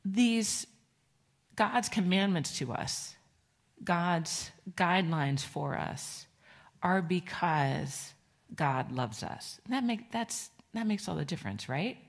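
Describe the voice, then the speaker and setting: A middle-aged woman pastor giving a children's sermon in a church, gentle and conversational, asking the children questions. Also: on the low side, expressive, slow pace. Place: church sanctuary.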